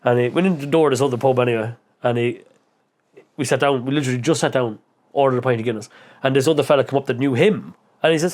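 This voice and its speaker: Irish man, podcast guest, casual storytelling, lively, swears, mimics voices. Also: mid-range voice, fast talker. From Irish midlands. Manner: animated, acts out quoted voices, swears freely.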